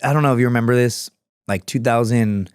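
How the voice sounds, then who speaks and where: A man's voice: medium pitch, fairly quick, smooth, no echo, studio quality. A man, a former Marine telling war stories on a podcast in a rambling, profane, casual way. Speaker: podcast guest, former Marine scout sniper and comedian. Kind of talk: casual storytelling chat.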